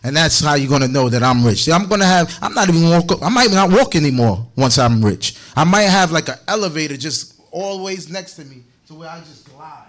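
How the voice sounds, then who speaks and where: Upbeat male preacher, joking, laughing, fairly high voice. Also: expressive, normal speed, a bit bright. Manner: playful, laughing, chatty. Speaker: congregation teacher. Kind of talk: joking sermon talk.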